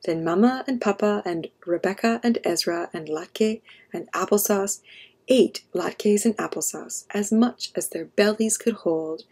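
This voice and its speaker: A woman storyteller reading a children's picture book aloud in a gentle, expressive way. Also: mid-range voice, unhurried.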